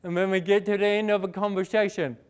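A young man from New Zealand with a New Zealand accent, giving a fast, emphatic motivational talk and asking the audience questions. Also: sits high, flat delivery, clear, resonant tone. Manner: fast-talking, rising and falling for emphasis, asks the audience questions. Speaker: inspirational speaker. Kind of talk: motivational speech.

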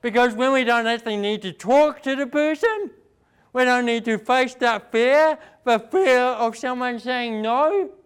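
Fast-talking New Zealand motivational speaker man. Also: very high-pitched, clear, resonant tone. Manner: fast-talking, energetic, rhetorical questions. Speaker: inspirational speaker. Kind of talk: motivational speech.

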